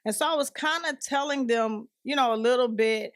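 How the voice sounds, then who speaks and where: A woman's voice: a little high, brisk, dry recording, clean studio sound. A woman as a podcast guest, sharing her personal story earnestly and acting out what others said. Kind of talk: personal testimony in conversation.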